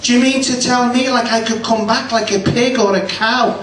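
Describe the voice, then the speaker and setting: A man's voice: extremely high pitch, steady tone, normal speed, fairly bright tone, pitched above the performer's own voice. A man voicing a nagging, indignant middle-aged wife in a stand-up routine. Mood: baffled. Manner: scolding, indignant. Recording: echoey club room, distant mic, crowd.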